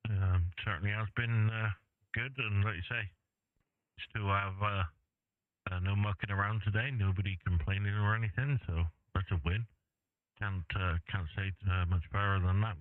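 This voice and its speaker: A deep-voiced English man chats lazily on a ham radio net, drifting between thoughts with plenty of ums and uhs. The sound is thin and radio-like, as if coming through a transceiver, and very dry. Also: no room sound, narrow, tinny audio. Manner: laid-back, rambling, many fillers. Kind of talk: casual radio chat. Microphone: radio transceiver mic.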